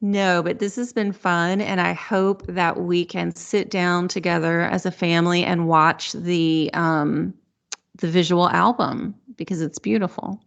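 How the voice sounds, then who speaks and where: Slow, gravelly-voiced woman co-host. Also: lowish voice, steady tone, lo-fi sound. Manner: slow, laughs often. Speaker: podcast co-host. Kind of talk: casual chat.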